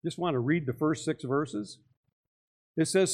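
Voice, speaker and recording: An older man preaching a sermon, animated, acting out voices and putting questions to his congregation. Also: a little high, a little slow, pauses often. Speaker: pastor.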